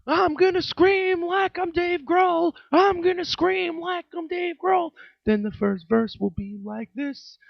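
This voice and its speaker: A man putting on a mocking impression of a screaming male rock frontman, sing-song and exaggerated, breaking into high shrieks. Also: takes it slowly, vocal fry, hardly any pauses, no room sound, heavily acted. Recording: dull lo-fi sound.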